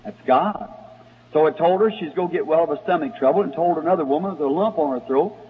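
A man preaching a sermon, telling a story in a folksy way and rising to excited shouts at times. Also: a little high, fast talker, a little hiss or hum. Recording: tinny lo-fi old sermon recording in a reverberant hall.

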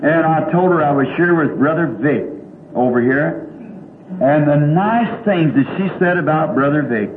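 Expressive and moderately paced, this older man's fairly high voice carries a sermon full of folksy, rambling stories, punctuated by frequent chuckles. It was captured in a large church hall on a tinny old recording with echo and faint hiss.

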